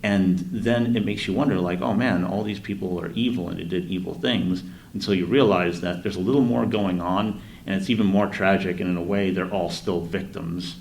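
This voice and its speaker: Low-voiced man rambling on a podcast. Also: gravelly. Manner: rambling, quick restarts, animated retelling. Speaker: podcast co-host. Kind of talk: casual chat. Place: live event.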